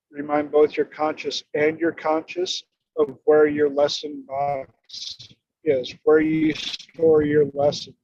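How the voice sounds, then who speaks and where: A man telling stories and coaching in an emphatic, expressive way during a conversation. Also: a little high, vocal fry, dry recording. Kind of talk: storytelling in conversation. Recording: dull lo-fi dry audio.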